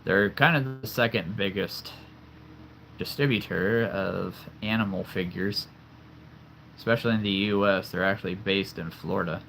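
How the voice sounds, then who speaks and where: A man's voice: low-pitched, normal speed, vocal fry, a bit bright, a little hiss or hum. A young man from the central United States hosting a casual livestream, chatty and enthusiastic, laughing easily. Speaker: livestream host.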